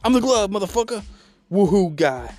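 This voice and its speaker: A man's voice: high voice, big pitch swings, normal speed, darkish tone, dry recording, faint music behind, pitched above the performer's own voice. A man voicing a belligerent, foul-mouthed male glove mascot that snarls aggressive threats. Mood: hostile.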